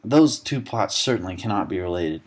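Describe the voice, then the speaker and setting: A young man giving a sarcastic, deadpan comedic recap of a film, dropping quick asides and snippets of characters' lines. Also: low-pitched.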